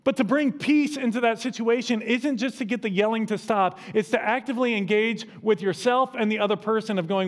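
A fairly high-voiced, middle-aged pastor gives a sermon in church, moving quickly with few pauses. His delivery is mostly relaxed and conversational, punctuated now and then by emphatic surges.

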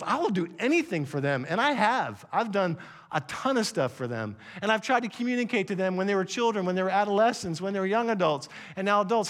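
A man in his sixties preaching a sermon in a conversational way, with jokey asides and repeated phrases, swinging from emphatic bursts to a hush. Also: high voice. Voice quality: animated and emphatic, with sudden drops to a hush. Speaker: pastor.

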